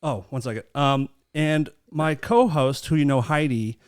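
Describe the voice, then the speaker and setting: A podcast host in loose, profane banter with his friends, laughing often. His voice sits a little high for a man. The sound is very dry and close to the mic. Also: measured pace, smooth, no room sound.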